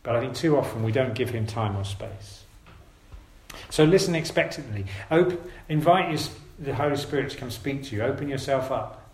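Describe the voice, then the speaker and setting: A man preaching a sermon to his congregation, earnest and gentle, urging his listeners with repeated phrases. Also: medium pitch, animated, moderate pace, echoey room, poor audio.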